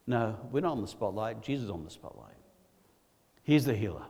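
A man preaching a sermon, swinging from loud emphatic lines to low quiet ones. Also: fairly quick, in a large hall.

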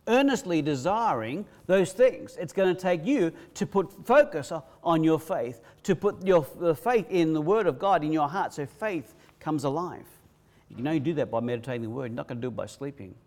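A male pastor, preaching a sermon with emphatic repetition, swinging between loud bursts and quiet hushes. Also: on the high side, expressive, brisk. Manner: preaching with rising, emphatic repetition and sudden drops to a hush.

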